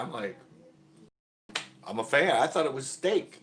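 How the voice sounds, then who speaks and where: A middle-aged man hosting a casual live stream, rambling through anecdotes, laughing and loudly acting out other people's lines. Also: fairly high pitch, sing-song, takes it slowly, long pauses. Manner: rambling storyteller, acts out quotes loudly and laughs often. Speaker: host of a fishing channel livestream.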